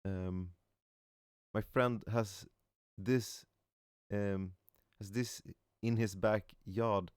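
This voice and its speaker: Male meme reader, low and smooth, casual delivery with stumbles and "aw" asides, dry close sound. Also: steady tone, drawn-out words, no echo. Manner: reads aloud with frequent stumbles and soft "aw" reactions. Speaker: voice actor reading memes aloud. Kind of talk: casual meme reading with reactions.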